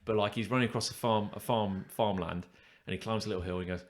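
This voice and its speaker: A man co-hosting a podcast, telling stories in a rambling, animated way with lots of fillers. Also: on the low side, fast talker. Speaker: podcast co-host. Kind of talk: casual chat.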